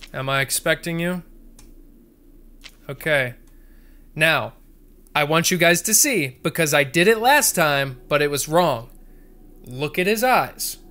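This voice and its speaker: Bright jokey guy playing a horror game, mumbling numbers, chatting to viewers. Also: a little high, smooth. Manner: jokey, mutters numbers under his breath, talks to viewers. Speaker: gaming video creator.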